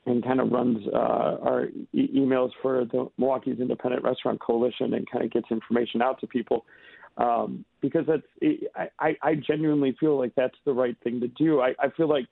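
Over the phone as a radio guest, a chef and restaurant co-owner stumbles through his answers with many fillers and restarts. His voice is medium-pitched, steady, gravelly, and a bit breathy, with no room sound.

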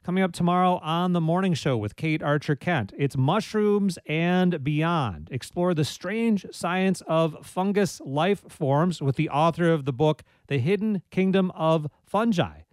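A male public radio host with a somewhat high voice, talking in a measured, gently wry manner. The sound is dry and close, with no room around it. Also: expressive, no room sound. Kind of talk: public radio talk show hosting.

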